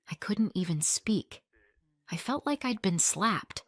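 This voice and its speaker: A woman narrating a first-person family drama in a quiet, measured and tense way. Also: medium pitch, animated, no echo, clean studio sound. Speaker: storyteller.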